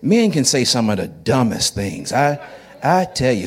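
A middle-aged pastor preaching a lively, joking sermon that bursts into shouts at its peaks. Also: male voice, mid-range voice, a little slow.

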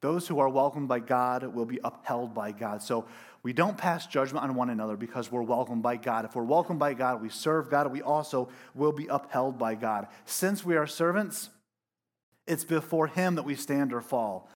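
A male pastor preaching a sermon to a congregation in an animated, emphatic and self-deprecating way. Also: mid-range voice, moderate pace. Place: church room with a congregation.

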